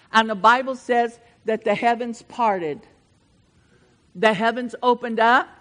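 An older woman preaching a sermon, moving between fervent, building passages and chatty asides with the congregation. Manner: swells louder and higher when preaching, drops to chatty asides with the congregation.

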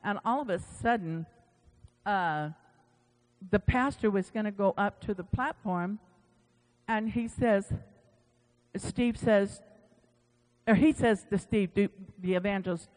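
Preacher, sermon storytelling, mid pitch, lively retelling, long church-hall reverb. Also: takes it slowly, pauses often. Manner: animated, retelling stories with quoted dialogue. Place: church sanctuary.

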